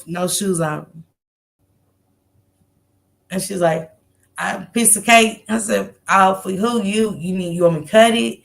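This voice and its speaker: A woman in her thirties telling a story in casual chat, animated and profane, laughing often and acting out the people she quotes. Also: medium pitch, creaky. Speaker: storyteller recounting a street encounter.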